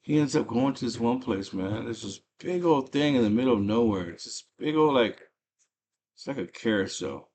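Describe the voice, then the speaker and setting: A man casually retelling a movie's plot as a host, animated and slangy, with lots of fillers. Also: medium pitch, moderate pace.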